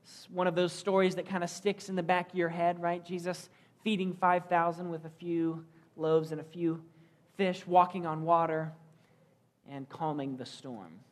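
A man's voice: on the high side, fairly even intonation, normal speed. Earnest male pastor preaching. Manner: earnest, storytelling delivery with rhetorical questions. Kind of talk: sermon.

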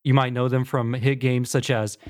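A man with an ordinary mid-range voice hosts a podcast. He tells stories in a relaxed, easygoing way and keeps the show moving between segments. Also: medium pitch, moderate pace. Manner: easygoing storyteller, runs the segments. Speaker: podcast host. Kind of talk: casual chat.

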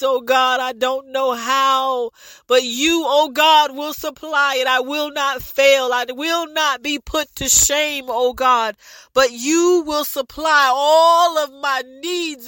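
Woman praying slowly and fervently. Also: high-pitched, fairly even intonation, no room sound. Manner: repetitive, pleading, rising to shouts, speaks in tongues. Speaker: prayer leader. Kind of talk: fervent spoken prayer.

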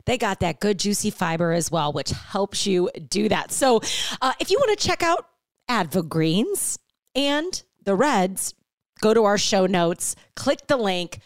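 A woman's voice: medium pitch, no room sound, clean studio sound. A woman hosting a podcast, bubbly and playful, chatting with guests and reading an ad. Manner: bubbly, animated, with playful asides. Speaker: podcast host. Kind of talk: casual interview chat and ad read.

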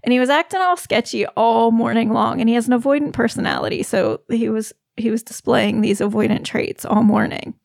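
High-pitched woman, animated and profane storyteller, close dry recording. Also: fairly quick, gravelly, few pauses, no room sound. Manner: animated, swears, laughs often. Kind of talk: casual storytelling chat.

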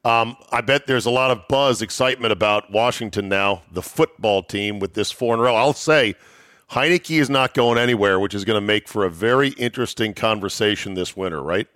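Male host, lower pitch, dry recording, casual and opinionated. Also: brisk, fairly bright tone, dry recording. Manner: opinionated, conversational. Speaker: podcast host. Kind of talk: casual podcast chat.

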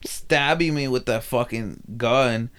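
A young man hosting a podcast, telling an animated story with lots of swearing and laughter. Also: medium pitch, measured pace, clean tone. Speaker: podcast host. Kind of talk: casual chat.

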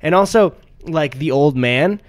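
A man's voice: a little high, measured pace, dry recording. Young guy podcast cohost, rambly, laughs a lot, dry close mic. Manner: laughs often, rambling animated storytelling. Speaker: podcast co-host. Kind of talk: casual podcast chat.

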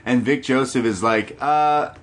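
A young man co-hosting a casual wrestling podcast, telling the match story with lively quick impressions. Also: lowish voice. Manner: animated storytelling with quick impressions, laughs often. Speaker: podcast co-host. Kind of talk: casual chat recapping wrestling.

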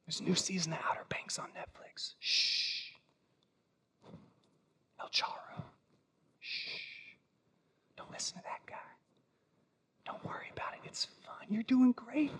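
A man voicing a sly male devil who tempts listeners in a hushed, coaxing whisper, as whispered role-play inside a sermon. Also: very high voice, pitched above the performer's own voice, heavily acted.

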